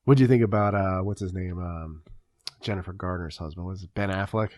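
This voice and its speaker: A relaxed man with a low voice, chatting about films as a podcast co-host. He sounds dry and close, with little room around him, and he often pauses to find his words. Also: no room sound. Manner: relaxed, agreeable, hesitant with fillers. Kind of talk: casual movie chat.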